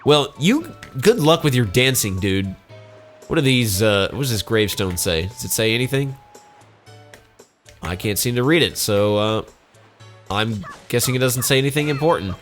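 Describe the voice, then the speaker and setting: A man's voice: medium pitch, expressive, moderate pace, pauses often. A man hosting a let's play, tossing out sarcastic jokes as he goes. His voice sits in a middle register, with faint game music underneath. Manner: sarcastic and joking. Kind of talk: casual gameplay commentary.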